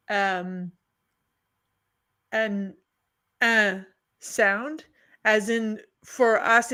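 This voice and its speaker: French Canadian woman guest, slightly high voice, friendly explainer. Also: fairly bright tone. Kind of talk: casual interview chat.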